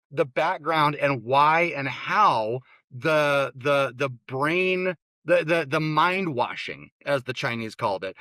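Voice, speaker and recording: A man's voice: a little high, bright, forceful tone, dry recording. A man, a therapist and interview guest, talking bluntly and opinionatedly, often restarting his words. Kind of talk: casual interview talk.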